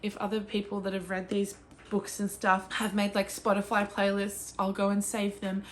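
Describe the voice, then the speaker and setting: An Australian woman talking in a casual chat about books she loves, gushing and excitable, and she swears freely. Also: mid-range voice, normal speed, a little hiss or hum. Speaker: book vlogger. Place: at home with her cat.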